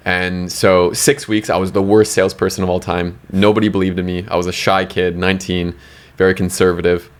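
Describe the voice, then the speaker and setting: Deep-voiced man telling a story casually. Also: steady tone, brisk. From Canada. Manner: rambling, many fillers and restarts. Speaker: podcast guest.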